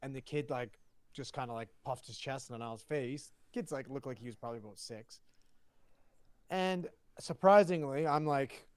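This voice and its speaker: A man co-hosting a podcast, telling a story in casual chat, animated and swearing as he acts out the dialogue. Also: mid-range voice, normal speed. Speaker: podcast co-host.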